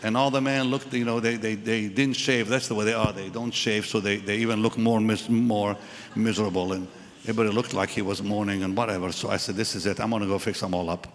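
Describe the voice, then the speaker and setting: Speaking fast in a voice on the low side with fairly even intonation, a man preaches at a live church service. He relates a personal story, acting out the voices of those in it, and the church hall recording carries reverb and music.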